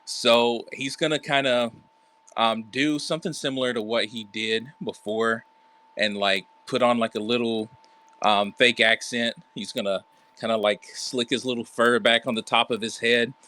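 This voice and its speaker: Bright-voiced man planning his move. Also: mid-range voice, fairly even intonation, moderate pace. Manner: hesitant, with many fillers while planning. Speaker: player. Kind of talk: casual tabletop game play.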